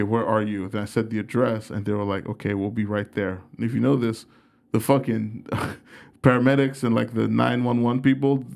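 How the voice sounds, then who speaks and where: A man's voice: mid-range voice, vocal fry, a little mellow. A young man, a comedian guest, telling stories in a casual, profane, self-mocking way. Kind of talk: casual storytelling.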